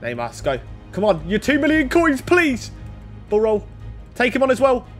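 Young man, high voice, lively swooping pitch, gaming commentary, faint music behind. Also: moderate pace. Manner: excitable, shouts at big plays. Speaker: gaming YouTuber. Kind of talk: gameplay commentary.

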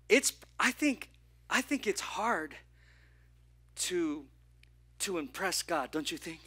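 A man preaching a lively sermon at a church service. He acts out the people in his story and asks the congregation questions. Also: high voice, a little slow, pauses often, husky. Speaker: pastor.

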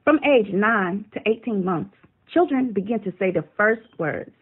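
A woman giving a calm, scripted narration with advice for parents. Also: medium pitch, normal speed, slightly rough. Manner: calm, explanatory. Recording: thin phone-like sound.

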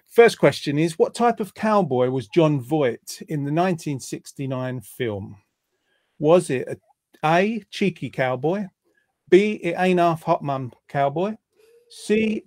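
A man's voice: fairly high pitch, darkish tone, no echo, clean studio sound. A man hosting a casual online quiz show, reading out viewer comments in a jokey, rambling way. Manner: jokey, rambling, lots of ums. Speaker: host.

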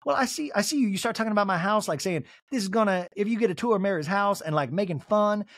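A man imitating a blunt older woman from a reality show, who talks in a slow, flat, matter-of-fact way. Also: sits high, no room sound, pitched above the performer's own voice. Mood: accusing.

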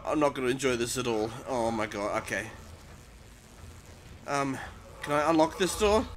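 A man's voice: medium pitch, animated, moderate pace, noisy background. A man hosting a let's play, easily frightened and blurting nervous exclamations as he plays. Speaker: gaming channel host. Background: game music.

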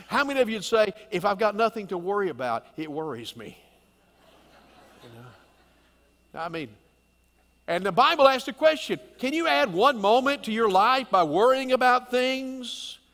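A man's voice: high voice, a bit bright, in a large hall. A middle-aged male pastor preaching a sermon in a folksy, conversational manner, often asking the congregation questions. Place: church sanctuary.

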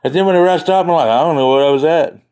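A man's voice: fairly high pitch, rapid-fire, darkish tone. A man hosting a livestream from home, chatting in a folksy, joking way and losing his train of thought. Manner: folksy, joking, easily sidetracked. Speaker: livestream host. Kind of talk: rambling live-stream chat.

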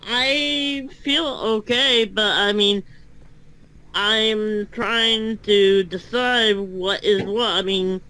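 A woman on a livestream answering softly and hesitantly. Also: medium pitch, drawn-out words, clean tone, rough recording. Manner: soft, hesitant, brief replies. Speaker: stream guest.

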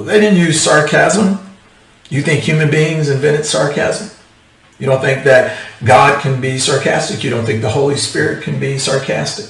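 A man preaching an animated, emphatic sermon, firing off rhetorical questions to his congregation. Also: a little high, reverberant, recorded from a distance, low-quality recording. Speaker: pastor.

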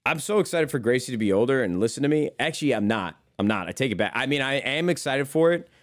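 A man's voice: medium pitch, animated, quick pace. A young man streaming live, chatting casually with viewers in a rambling way, swearing freely and calling them brother.

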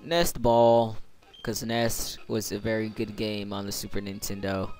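A man's voice: lowish voice, steady tone, measured pace, darkish tone, faint music behind. A young man commenting on a video game playthrough in a sarcastic, rambling, casual way. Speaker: let's play commentator.

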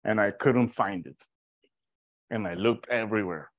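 A man from Mexico teaching an informal Bible study, telling stories in a lively, animated way with restarts. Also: lowish voice, measured pace, no echo, dull audio.

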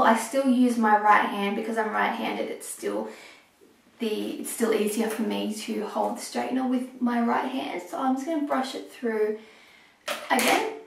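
A woman's voice: a little high, fairly even intonation, vocal fry, far from the mic, slight background noise. Young woman explaining, echoey room. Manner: chatty, explaining step by step with pauses. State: losing her voice. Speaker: hair tutorial vlogger. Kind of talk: casual how-to talk while working.

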